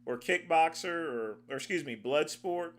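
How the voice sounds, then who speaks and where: A man hosting a livestream, reacting to a video with animated, joking asides. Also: on the high side, normal speed. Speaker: livestream host.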